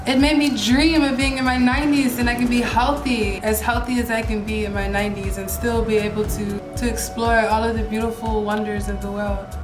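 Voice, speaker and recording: A young woman talking earnestly and enthusiastically in a casual travel vlog, repeating herself for emphasis. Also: a little high. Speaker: travel vlogger. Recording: echoey room with faint music.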